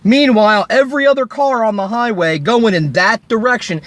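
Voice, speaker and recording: High-voiced man ranting, swearing hard. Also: moderate pace, hardly any pauses, a bit bright, no echo. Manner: furious, heavy swearing, sarcastic. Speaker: vlogger. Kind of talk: angry roadside rant. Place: recorded while by a road. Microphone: phone.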